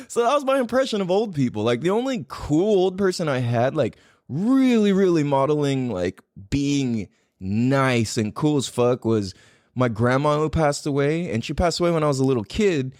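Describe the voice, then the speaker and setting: Slangy, animated man in his forties. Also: on the high side, normal speed, no room sound, studio quality. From USA. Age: 40s. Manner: laid-back, profane slang-heavy talk. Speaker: podcast host. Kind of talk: casual monologue.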